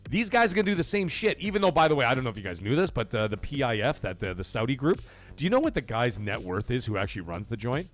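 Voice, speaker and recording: A man's voice: mid-range voice, big pitch swings, quick pace, fairly bright tone. A man hosting a live gaming podcast stream, ranting profanely and greeting his chat by name.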